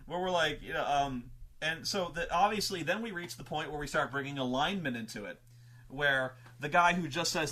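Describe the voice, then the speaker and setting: A man in a casual, swearing monologue about tabletop games, his pitch swinging widely as he acts out players' lines. His voice is bright and forceful, a little high for a man. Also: lively intonation, moderate pace. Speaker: show host telling tabletop gaming stories.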